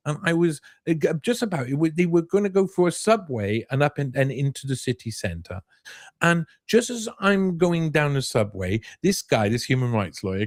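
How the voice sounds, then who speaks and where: Animated man telling a story, dry close sound. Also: a little high, dry recording. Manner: animated, halting with many restarts. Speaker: guest journalist. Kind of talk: casual storytelling.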